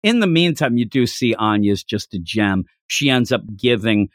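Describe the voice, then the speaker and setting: A man hosting a casual podcast, recapping a manga chapter in an animated way and slipping into put-on voices for the characters. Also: medium pitch, moderate pace, no room sound, studio quality. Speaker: podcast host.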